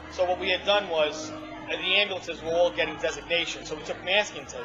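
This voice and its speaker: A man's voice: fairly high pitch, fairly even intonation, brisk. A man telling his own story in informal conversation at a restaurant, rambling with frequent restarts. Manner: rambling, with restarts and emotional retellings. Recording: dull lo-fi audio with music behind.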